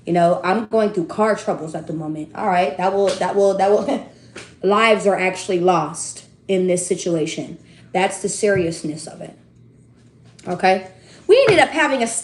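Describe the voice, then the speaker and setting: Young woman in her twenties, chatty and animated, speaking in an echoey room. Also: a little high. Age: 20s. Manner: animated, talkative, slangy, swings between loud and hushed. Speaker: tarot reader and streamer. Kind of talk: casual storytelling to viewers.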